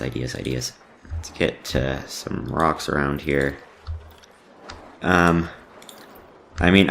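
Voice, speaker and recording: Very deep, gravelly rambling gamer man. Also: a bit bright, a little hiss or hum. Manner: rambling, filler-heavy, self-deprecating. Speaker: let's play host. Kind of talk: casual gameplay commentary.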